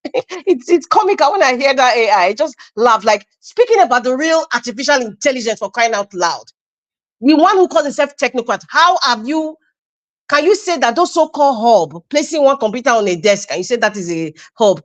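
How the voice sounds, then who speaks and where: A woman speaking as a panelist in a heated political discussion on a live online stream, passionate and emphatic, often repeating herself. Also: on the high side.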